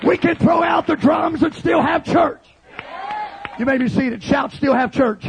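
A man preaching a fiery Pentecostal revival sermon, shouting and calling the congregation to respond. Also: extremely high pitch, unhurried, some chatter behind, a little hiss or hum.

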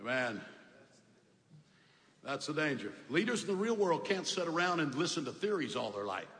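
Fiery preacher in echoey hall. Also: male voice, fairly high pitch, very animated, moderate pace. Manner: emphatic, repetitive, swings from shouting to soft asides. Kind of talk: fiery sermon. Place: large hall with congregation. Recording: echoey hall, faint ambience.

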